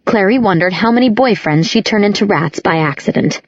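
Husky-voiced woman reading a novel aloud. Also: mid-range voice, expressive, fairly quick, dry recording, lo-fi sound. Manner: reads all characters with small voice shifts. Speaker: audiobook narrator. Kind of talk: scripted narration.

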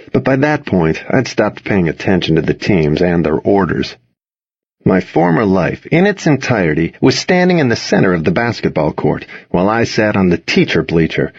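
A man with a low, husky voice reads a first-person story aloud in a wry, measured way, his pitch moving a lot through each sentence. The recording is very dry, with a slightly muffled sound. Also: darkish tone, dry recording. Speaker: audiobook narrator. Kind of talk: first-person audiobook narration.

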